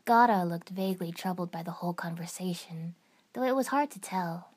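A woman reads a first-person fan fiction story aloud in an even, steady storytelling manner. Her voice is low and husky, with a breathy edge. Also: a little fast. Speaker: narrator. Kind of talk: fan fiction audiobook reading.

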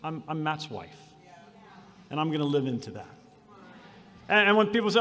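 A man preaching a sermon, moving from quiet storytelling to shouted declarations. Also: sits high, lively intonation, fairly quick, pauses often, big-room sound. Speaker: pastor. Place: conference hall.

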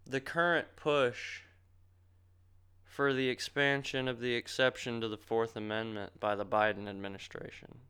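Male podcast co-host, clear smooth tone, wisecracking and combative. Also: mid-range voice, little pitch movement, moderate pace, sharp tone. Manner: joking, profane, argumentative. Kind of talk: casual podcast chat.

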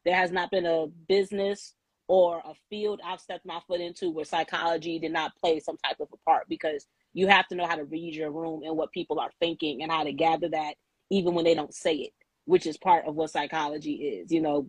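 A woman's voice: low-pitched, brisk, slightly rough, no echo, low-quality recording. A woman hosting a live podcast, chatty and outspoken, laughing often as she talks. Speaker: podcast host.

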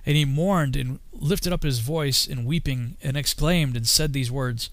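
A man reading an old scripture text aloud in a solemn, measured way, sometimes slipping and correcting himself. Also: mid-range voice, no room sound. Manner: solemn, archaic phrasing with occasional slips and self-corrections. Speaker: reader.

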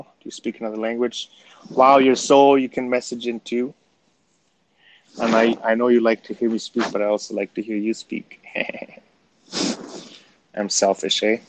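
A man from Canada chats casually on a livestream, talking straight to his viewers and laughing things off. His voice sits at an ordinary middle pitch, and his manner stays relaxed and easygoing throughout. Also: poor audio. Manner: chatty, laughs things off, addresses viewers directly. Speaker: livestream host.

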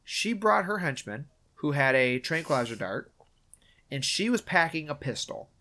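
A man hosting a podcast, recapping a film in casual chat with a wry, profane manner and quick acted-out quotes. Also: a little high, sing-song, pushed and bright. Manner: wry, swears, acts out quoted lines. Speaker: podcast host.

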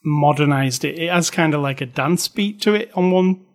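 A man with a fairly high voice chats casually and confidently. He is opinionated and often restarts his sentences with repeated words. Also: normal speed. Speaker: co-host discussing a film. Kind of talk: casual chat.

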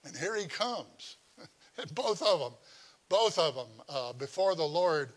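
Pastor delivering a sermon: a man with a slightly raised voice, lively and conversational, chuckling through his own stories. Easy and talky, like he is telling a tale to his congregation. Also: a little high, measured pace. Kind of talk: sermon with personal storytelling.

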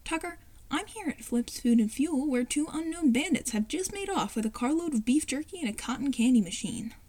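A woman voicing a brisk TV news reporter with a newsreader cadence. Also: high voice, lively intonation, warm tone. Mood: formal.

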